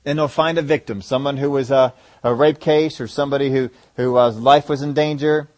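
A man's voice: medium pitch, fairly even intonation, a little fast, darkish tone. A man preaching a sermon, asking the congregation rhetorical questions and driving his points home with emphasis.

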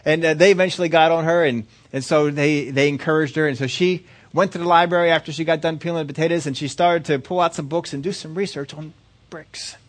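A man preaching, telling a story in an earnest, repetitive way that builds in excitement. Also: fairly high pitch, fast talker. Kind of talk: sermon storytelling.

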